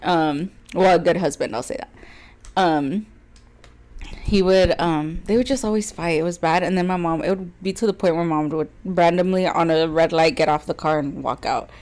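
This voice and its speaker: A young woman with a slightly low-pitched voice speaks as a podcast co-host. She tells a personal story candidly and casually, leaning on "like" as filler and laughing between phrases. She goes quieter and more earnest on the hard parts. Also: moderate pace. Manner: chatty, heavy "like" fillers, laughs often between words; earnest and open, turning quiet on painful parts.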